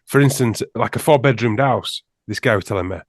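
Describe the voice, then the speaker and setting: A man's voice: medium pitch, fairly quick, no room sound, clean studio sound. Rambling man telling stories. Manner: rambling storyteller, laughs often. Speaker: podcast guest. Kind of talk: casual roundtable chat.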